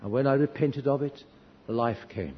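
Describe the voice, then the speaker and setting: In a church hall, a man delivers a sermon built on personal stories, told earnestly and with wry, self-deprecating humor. His voice is medium in pitch and his speed is normal. The audio has that dull, echoey church quality plus a faint hiss.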